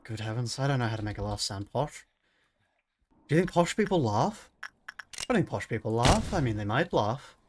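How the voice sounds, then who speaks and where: A man streaming a game while putting on an exaggerated posh upper-class English gentleman voice, drawn-out and mock-haughty. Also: medium pitch, big pitch swings, a little hiss or hum, close to an everyday voice. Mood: mock-refined. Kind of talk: put-on accent during a game livestream. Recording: game music playing under the voice. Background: game music.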